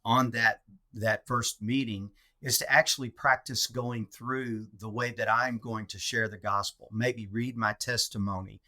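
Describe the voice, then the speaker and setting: A man's voice: lowish voice, pushed and bright. A man with a North Texas accent co-hosting a podcast, talking in a folksy, easygoing way with Southern colloquialisms. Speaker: podcast co-host. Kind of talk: casual podcast conversation.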